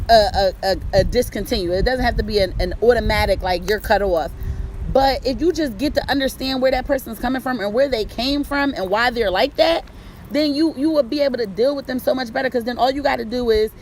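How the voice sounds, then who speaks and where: A woman hosting a casual talk on relationships, blunt and profane, with a loud way of talking. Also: fairly high pitch, slight background noise, rough recording. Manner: blunt, profane, streetwise, conversational. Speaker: host.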